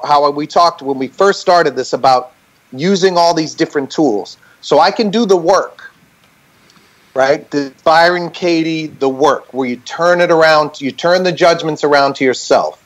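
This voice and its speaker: An earnest man talking candidly as a podcast guest over a video call. His voice sits a little higher than most men's, and he works through his points reflectively, often tagging them with a quick "right?". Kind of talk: candid conversational storytelling.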